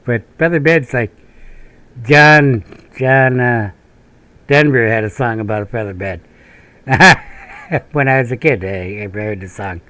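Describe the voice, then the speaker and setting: This northern Minnesota gaming host talks over his gameplay in a meandering, profane way, full of laughs, tangents and personal stories. His mid-range voice has a sharp tone and moves a little slowly, with long pauses. There's no echo.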